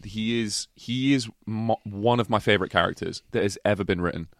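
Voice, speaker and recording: A man's voice: fairly low pitch, brisk, no room sound. A British man co-hosting a podcast in casual chat, emphatic, profane and enthusiastic. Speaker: podcast co-host.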